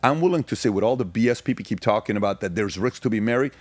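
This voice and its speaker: A man's voice: fairly low pitch, dry recording. Emphatic man talking, dry sound. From Iran. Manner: emphatic, rapid-fire repetition. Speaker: podcast guest. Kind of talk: casual storytelling.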